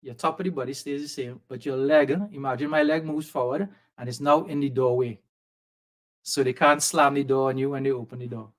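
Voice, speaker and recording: A man from Trinidad with a softened Trinidadian accent, telling a lively personal story as a podcast guest and acting out the voices of people he quotes. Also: medium pitch, a little fast. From Trinidad and Tobago. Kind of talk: storytelling in a conversation. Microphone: video call setup.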